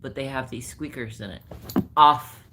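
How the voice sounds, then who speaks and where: Low, slow-talking woman playing with her dog. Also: expressive, noisy background. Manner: teasing baby-talk to the dog, often laughing. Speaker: vlogger. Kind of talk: casual chat while playing with and training a dog. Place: at home with a pet dog. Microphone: handheld camera.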